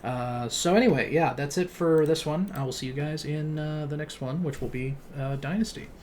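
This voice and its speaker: A young man casually reviewing an album, relaxed and rambling, with many fillers and laughs. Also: on the high side, moderate pace, a little hiss or hum. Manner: relaxed, lots of ums and likes, laughs often. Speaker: music vlogger.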